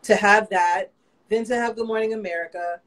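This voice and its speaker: A woman's voice: mid-range voice, fairly even intonation, moderate pace, a bit bright, rough recording. A woman fashion designer, a guest in a casual interview, telling her story candidly with lots of "you know".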